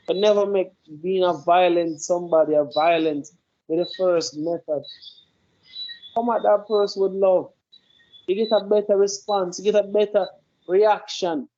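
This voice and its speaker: A man's voice: high-pitched, fairly even intonation, normal speed, a little mellow. Laid-back man agreeing along. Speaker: podcast co-host. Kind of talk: casual chat. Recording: dull lo-fi audio.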